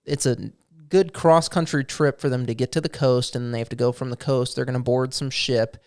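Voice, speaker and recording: A man with a smooth, resonant voice chats casually as he recounts the last session he ran as game master. He tells it as a loose story and drops in quick lines in the voices of goblins and players. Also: mid-range voice, steady tone, a little mellow. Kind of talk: casual chat.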